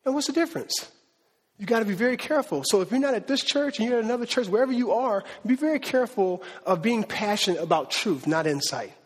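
A male pastor preaching a sermon in a lively, conversational, slangy way. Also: high-pitched, fast talker, husky, big-room sound.

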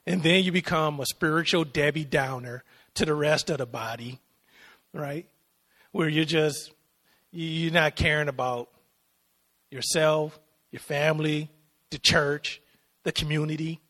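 A man's voice: on the high side, unhurried, long pauses, a bit bright. A man preaching a sermon in a conversational way, often asking the congregation for responses.

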